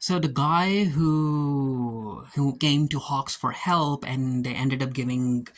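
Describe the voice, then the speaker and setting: A reviewer giving a casual, chatty episode recap, often acting out characters' lines and jumping up in pitch on excited reactions. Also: slow pace. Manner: retells scenes by voicing characters with "and he's like"; chatty, with frequent fillers and restarts. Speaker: TV series reviewer.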